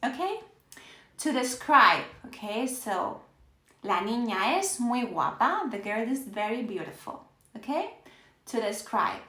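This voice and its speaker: A woman's voice: on the high side, sing-song, measured pace, bright, forceful tone. A woman from Spain with a Spanish accent, teaching a live-streamed lesson in an upbeat way and checking in with "okay?" after nearly every phrase. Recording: echoey room.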